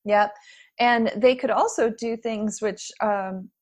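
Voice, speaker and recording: A middle-aged woman being interviewed as an author, chatting in a lively, storytelling way and laughing often. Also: on the high side, takes it slowly. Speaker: guest author. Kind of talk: casual interview chat.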